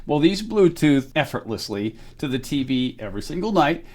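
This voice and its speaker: A man's voice: on the high side, big pitch swings, moderate pace, a little mellow. A man co-hosting a casual product review show with his wife, teasing her and laughing often. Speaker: co-host of a product review channel.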